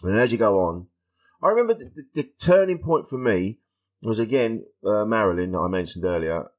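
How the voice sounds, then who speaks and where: A man, a stand-up comedian guest on a podcast, telling stories in a lively way and acting out the voices of people he quotes. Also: fairly low pitch, brisk. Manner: animated storytelling, acts out quoted voices. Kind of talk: casual podcast interview.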